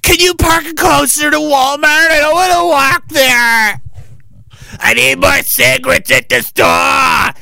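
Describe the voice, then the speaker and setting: A man's voice: very high-pitched, steady tone, gravelly, no echo, voice pushed up, exaggerated voice. A man putting on a whiny, demanding fat woman. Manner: whining, drawn-out shouting. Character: whiny obese middle-aged woman, demanding.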